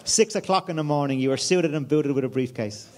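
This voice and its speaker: A man's voice: fairly high pitch, fairly quick, a little mellow. An Irish man in his fifties telling a story as a guest at a conference, chatty, with many fillers and restarts. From Ireland. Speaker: guest speaker. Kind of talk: anecdotal conference chat. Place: conference room before an audience.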